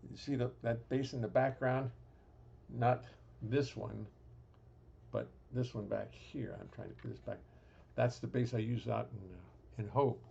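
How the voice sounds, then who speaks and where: A man's voice: medium pitch, fairly even intonation, unhurried, gravelly, warm tone, highs cut off, slight background noise. A man hosting a live stream from his home music studio, chatting casually with dry humor and rambling restarts. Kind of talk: casual chat.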